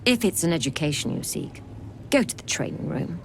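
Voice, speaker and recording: A cold, scornful githyanki healer. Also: female voice, fairly low pitch, big pitch swings, fairly quick, vocal fry, noisy background. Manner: clinical and condescending.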